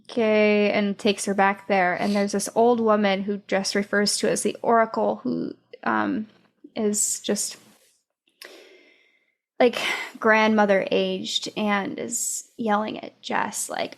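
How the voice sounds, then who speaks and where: A woman podcast host casually retelling a book's plot, with many fillers and pauses. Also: medium pitch, flat delivery, creaky. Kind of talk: casual book discussion.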